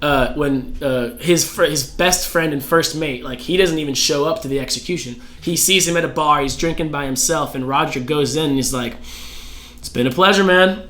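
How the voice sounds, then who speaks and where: Bright-voiced excited young-sounding man. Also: on the high side, a little fast, hardly any pauses. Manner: excited storytelling, peppered with "like" and swearing. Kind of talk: casual podcast chat.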